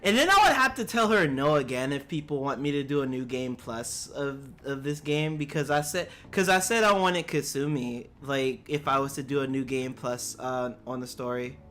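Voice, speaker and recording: A young man in casual live game commentary, swearing a lot, his pitch jumping up when flustered. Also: moderate pace, hardly any pauses, bright, forceful tone. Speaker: game streamer.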